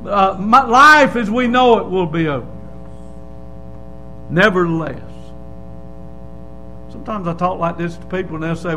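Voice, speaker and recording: A man preaching a Baptist sermon, hollering and swinging from low asides to loud shouts. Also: moderate pace, pauses often, soft background music, rough recording. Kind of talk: fiery sermon. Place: church.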